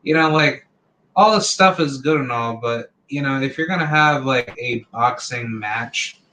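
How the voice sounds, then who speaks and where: A man in his thirties talks slowly through a casual opinion monologue. He is blunt, rambles, and leans hard on "you know" and "like" between his points. His voice sits at an ordinary male pitch. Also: sharp tone, a little hiss or hum, low-quality recording. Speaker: channel host.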